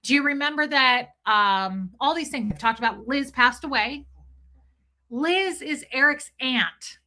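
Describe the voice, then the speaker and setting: A woman hosts a casual livestream, talking straight to her viewers and answering their comments as they come in. Her voice is bright and forward. She speaks in a chatty, emotional way, often restarting her sentences. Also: high voice, expressive, a little slow.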